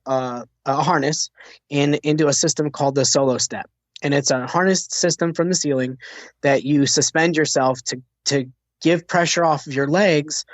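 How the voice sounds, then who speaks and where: A man from the United States tells his own story in an earnest, halting way, often stopping to repeat a word before pushing on. His voice sits a little high for a man. The recording is dull and lo-fi, with a dry, close sound. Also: dry recording. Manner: earnest, with frequent restarts and repeated words. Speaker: veteran telling his recovery story. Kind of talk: personal storytelling.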